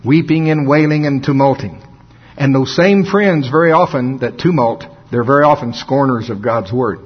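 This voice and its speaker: Husky preacher, lo-fi sound. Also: male voice, mid-range voice. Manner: folksy, laughs often, drawls into dramatic slow emphasis. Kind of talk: sermon. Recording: dull lo-fi sound.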